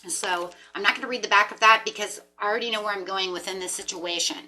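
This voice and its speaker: A woman doing a collective tarot reading, talking in a casual, rambling way and breaking into animated asides. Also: medium pitch, quick pace, a little hiss or hum. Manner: rambling, animated, talks to herself with laughs and mock voices. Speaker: tarot reader. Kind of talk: casual spiritual talk to camera.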